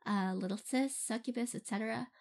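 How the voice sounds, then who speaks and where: A woman's voice: on the high side, fairly quick, a little mellow. A young woman answering fan questions in a casual, rambling way, giggling often and using lots of fillers. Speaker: audio role-play creator answering fan questions. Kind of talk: casual Q&A chat.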